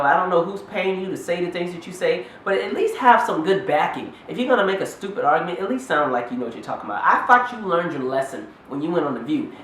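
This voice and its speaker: Guy ranting fast to his camera, sarcastic and fired up, echoey room with faint hum. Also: a little high, a bit bright. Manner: sarcastic, fired-up, talks straight to viewers. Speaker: vlogger. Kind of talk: casual commentary rant to camera.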